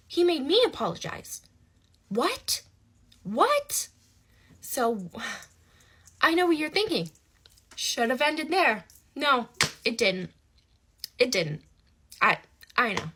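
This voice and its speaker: A woman's voice: medium pitch, a bit bright. A young woman telling a personal story in casual, emphatic chat, with rhetorical asides. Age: young adult.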